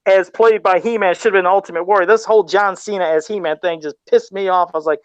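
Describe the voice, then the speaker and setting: A man hosting a casual podcast chat about toys, excitable and rambling, quick to laugh. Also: high-pitched, clean tone, no room sound, highs cut off. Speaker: podcast host and toy customizer.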